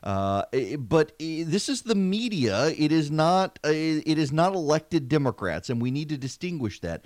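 A man's voice: fairly high pitch, very animated, normal speed, no room sound. A man from the American South hosting a political commentary podcast, talking conversationally with wry asides and repeating words when he gets emphatic. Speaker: podcast host.

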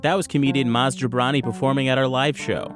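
A man hosting a podcast gives a plain, spoken announcement to close a segment. Plucked guitar music plays clearly under his voice at a middle pitch. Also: fairly even intonation, fast. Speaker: podcast host. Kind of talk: show announcement.

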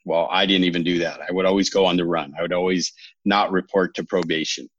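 A man's voice: low-pitched, steady tone, quick pace, fairly bright tone, highs cut off. A man in his thirties from California, a podcast guest telling his own story in a candid, rambling way, often correcting himself with a wry humor.

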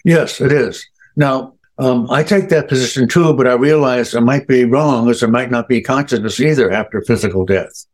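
A man's voice: mid-range voice, moderate pace, few pauses, darkish tone. A man who is a professor and an interview guest, giving brief, thoughtful and wry replies. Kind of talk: conversational interview.

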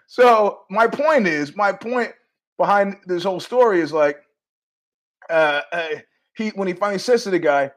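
Man, high voice, podcast host, casual storytelling, animated, acts out voices. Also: normal speed. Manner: animated, acts out quoted voices, laughs at his own story.

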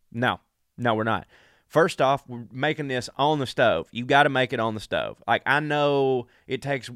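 Man, middle pitch, chatty and profane, sick, dry booth sound. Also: fairly bright tone, no echo. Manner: profane, chatty, talks straight to listeners. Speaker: podcast host. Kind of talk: casual monologue.

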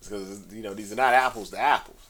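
A man's voice: fairly low pitch, fairly even intonation, fast, fairly bright tone. Man riffing on sports media. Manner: conversational, talks in circles, rising emphasis on key points. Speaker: podcast host. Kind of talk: casual solo commentary.

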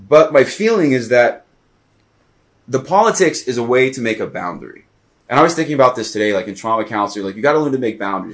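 A man talking as a podcast guest in a casual conversation, rambling and animated, with lots of fillers. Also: medium pitch.

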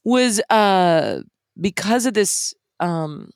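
Chatty woman co-host, mid-pitched, dry close mic, self-deprecating and giggly. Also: animated, extremely slow, clear, resonant tone, dry recording. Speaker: podcast co-host, writer. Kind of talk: casual podcast chat.

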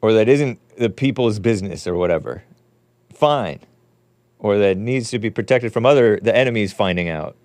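A man's voice: on the low side, lively intonation, moderate pace, darkish tone, dry recording. A man hosting a call-in show, talking in a casual, rambling way with mocking, opinionated commentary. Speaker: podcast host.

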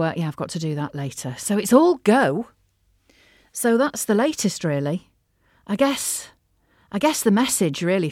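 A woman hosting a small solo podcast, chatting in a self-deprecating and animated way. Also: fairly low pitch, no echo, studio quality. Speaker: podcast host, composer and voice actor. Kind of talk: casual solo podcast chat.

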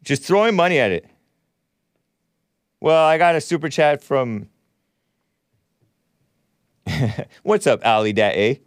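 A man's voice: a little high, expressive, slow, pauses often, smooth, no echo, clean studio sound. A man hosting a call-in talk show, delivering a combative, sarcastic monologue full of rambling asides.

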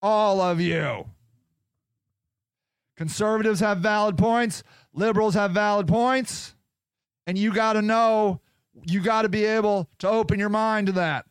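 A man hosting a podcast, delivering a profane, combative political rant that swings between loud jabs and muttered asides. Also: high voice, steady tone, moderate pace, smooth, dry recording, clean studio sound. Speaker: podcast host.

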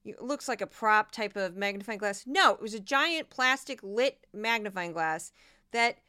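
A woman's voice: mid-range voice, animated, moderate pace, pushed and bright, clean tone, no echo, clean studio sound. A woman in her forties hosting a podcast, giving casual, sarcastic and exasperated commentary on news clips. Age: 40s. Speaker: podcast host.

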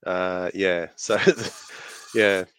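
Deep, smooth Australian man. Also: level tone, very slow, fairly bright tone. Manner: hesitant, filler-heavy, laughs easily. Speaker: podcast co-host. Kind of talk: casual chat.

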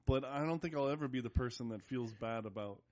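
A man's voice: medium pitch, brisk, a little mellow. A man co-hosting a podcast, speaking casually in a laid-back, teasing way and pushing back on his partner. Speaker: podcast co-host.

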